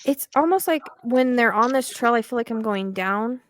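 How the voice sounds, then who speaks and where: A woman's voice: on the high side, lively intonation, normal speed, no echo. A woman giving a psychic reading in casual, hesitant talk full of fillers and restarts. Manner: hesitant, rambling with many fillers. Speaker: psychic medium.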